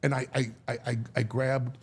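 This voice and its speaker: A man talking as a guest, telling a story in a lively way, acting out quotes and often restarting his sentences. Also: medium pitch, breathy edge. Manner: animated storyteller, acts out quotes, halting restarts. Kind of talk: storytelling chat.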